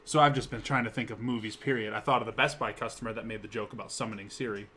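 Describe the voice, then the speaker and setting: A young man co-hosting a casual talk show, rambling and swearing as he pitches ideas. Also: steady tone, bright, forceful tone, husky. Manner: rambling, profane, quick-talking. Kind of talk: casual chat.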